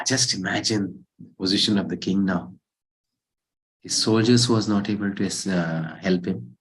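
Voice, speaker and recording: A man leads a scripture class through a parable in a low, steady voice. He tells the story in animated bursts and keeps asking his listeners rhetorical questions. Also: poor audio. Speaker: spiritual teacher.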